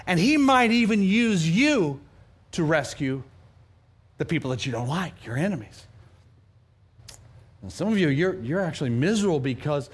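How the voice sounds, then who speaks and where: A man from New Mexico, a pastor, preaching a sermon with animated, humorous storytelling and self-deprecating asides. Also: on the high side, moderate pace, pauses often, breathy edge. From New Mexico, USA.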